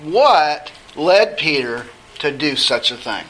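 A man's voice: a little high, sing-song, fairly bright tone, slight background noise, low-quality recording. A man teaching a Bible study lesson, talking conversationally and putting questions to the class. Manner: conversational, asks the class questions, halting restarts.

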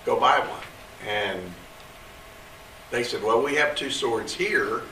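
During a Bible class group discussion, a class member thoughtfully retells scripture in plain words, speaking slowly in a mid-range voice with a bright, forceful tone. The recording is roomy and distant from the mic, with slight background noise.

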